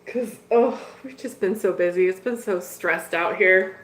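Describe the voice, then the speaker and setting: A woman's voice: medium pitch, measured pace. A middle-aged woman, host of a hobby channel, chatting casually with viewers as she tells a story, laughing often. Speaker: betta fish channel host. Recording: echoey room.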